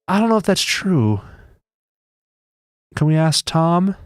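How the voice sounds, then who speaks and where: A man's voice: a little high, very animated, measured pace, long pauses, no room sound, studio quality, faint music behind. Rambling jokey male streamer. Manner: rambling, jokey, many restarts. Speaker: live streamer. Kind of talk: casual live-stream chat.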